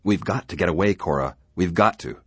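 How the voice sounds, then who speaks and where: A man's voice: very deep voice, expressive, moderate pace, husky, dry recording, voice pushed up, heavily acted. A man voicing an anxious, stubborn settler who is driven by fear. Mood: tense.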